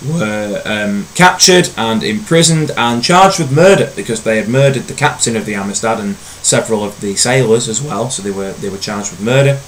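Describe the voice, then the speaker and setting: A man with a lower-pitched voice explains a history topic the way a teacher would to his own class. Relaxed and conversational, he fills pauses with ums and uhs, over a low-quality recording with a faint hiss.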